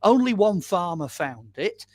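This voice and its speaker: A man with a slightly higher voice than most recounts a tale as a podcast guest, lively and full of "um"s and "you know"s. The recording is close and dry, with almost no room sound. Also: a little slow, dry recording. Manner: animated retelling with many "um"s and "you know"s. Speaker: guest storyteller on a paranormal podcast. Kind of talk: casual interview storytelling.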